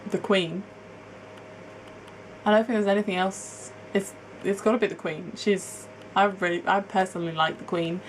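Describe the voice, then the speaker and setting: A woman's voice: mid-range voice, fairly even intonation, moderate pace, slight background noise, poor audio. A young woman from England chatting to camera as a vlogger, rambling and laughing at herself. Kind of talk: casual chat to camera, answering a tag.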